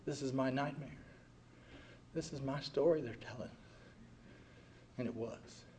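A man in his sixties giving an earnest personal recovery testimony, swinging from quiet heavy passages to loud wry ones. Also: mid-range voice, unhurried, slight background noise. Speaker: speaker sharing at a recovery meeting.

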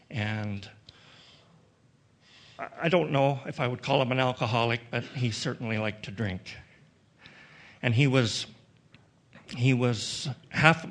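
A man from Western Canada, middle-aged or older, shares his own story with a gathered audience. His pitch sits squarely in the ordinary male range, and he speaks in a reflective, halting manner. He often restarts his sentences and slips in some dry humor. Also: fairly bright tone. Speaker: recovery meeting speaker.

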